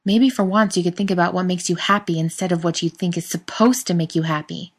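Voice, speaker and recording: A woman's voice: on the low side, fairly even intonation, brisk, husky. A woman voicing an angry, blunt male friend who curses and cuts others off in a read-aloud story. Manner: harsh, cursing, cutting others off.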